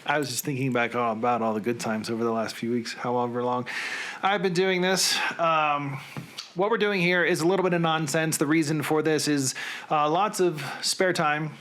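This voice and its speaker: A man in his thirties hosts a loose, self-deprecating chat from his home. His voice sits a little high for a man. A faint hum of room ambience runs under his voice. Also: steady tone, normal speed, a bit bright. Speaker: host. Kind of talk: casual chat.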